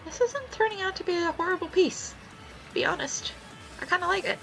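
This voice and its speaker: A woman's voice: very high-pitched, expressive, fairly quick, gravelly, pushed and bright, soft background music, poor audio. A young woman chatting casually while she draws on stream, swearing freely and laughing often as she tells stories. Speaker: art streamer.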